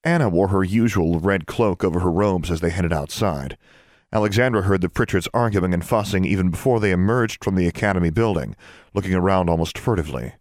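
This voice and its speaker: A man reading a novel aloud as narrator, steady and measured. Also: low-pitched, dry recording, studio quality. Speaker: audiobook narrator. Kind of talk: scripted audiobook narration.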